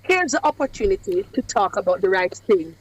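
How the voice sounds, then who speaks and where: A woman gives speaking advice on a radio talk show. Her delivery is measured and emphatic, with a cadence close to preaching and deliberate pauses for effect. Her pitch sits in a middle range. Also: animated, poor audio. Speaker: guest speaker on public speaking. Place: away from the studio.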